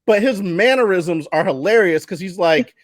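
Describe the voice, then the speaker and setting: A man's voice: high-pitched, lively intonation, moderate pace, no room sound, clean studio sound. A man hosting a podcast who chats casually about his new baby, laughs often and acts out the baby's cries. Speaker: podcast host. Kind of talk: casual chat.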